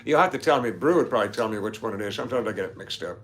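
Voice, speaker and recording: A man's voice: lowish voice, expressive, racing, a bit bright. A man hosting a casual livestream, chatting with viewers. He rambles into nerdy asides and laughs often. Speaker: livestream host reading viewer comments. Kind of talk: casual live-stream chat.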